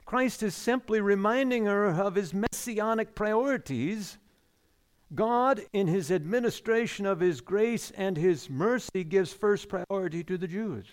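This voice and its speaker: A man preaching a sermon, stressing and repeating key phrases and letting his voice sink low and quiet at the ends of lines. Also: unhurried.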